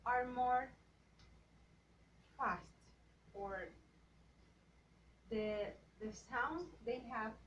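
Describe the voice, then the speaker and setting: Slow halting woman presenting a lesson. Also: on the high side, a bit bright. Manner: halting, with restarts and repeated example words. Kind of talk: slow class presentation on phonetics. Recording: dull, roomy audio from far off, faint noise.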